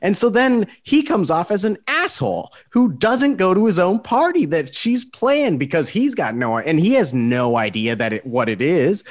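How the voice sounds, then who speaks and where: Man, fairly high voice with lively swings, opinionated podcast co-host. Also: normal speed, few pauses. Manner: opinionated, animated ranting. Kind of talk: casual chat.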